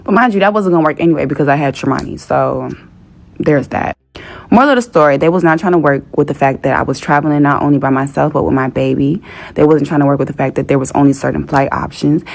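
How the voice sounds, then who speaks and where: A woman's voice: deep voice, vocal fry, a little mellow. A young woman telling a story in a casual, exasperated rant with plenty of swearing. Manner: profane, exasperated.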